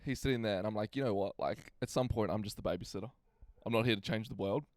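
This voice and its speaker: A man's voice: on the low side, fast, no echo. A young man co-hosting a podcast, telling a story in casual chat and swearing freely while he acts it out. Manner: profane animated storyteller. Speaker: podcast co-host.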